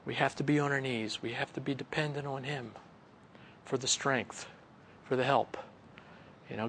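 Gravelly conversational male preacher. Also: mid-range voice, steady tone, normal speed, pauses often, fairly bright tone, slight background noise. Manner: conversational, frequent "you know" fillers. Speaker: pastor. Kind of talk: sermon.

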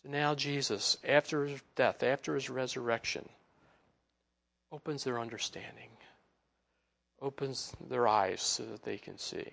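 A man giving a conversational Bible teaching, casual and animated, chuckling between points. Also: medium pitch, unhurried, creaky, long pauses.

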